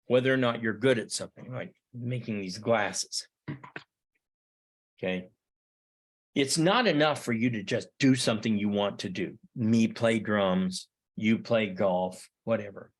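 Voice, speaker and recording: A man's voice: lowish voice, measured pace. Middle-aged male history teacher, emphatic, rhetorical lecture style. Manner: emphatic, with repeated rhetorical questions. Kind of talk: classroom lecture.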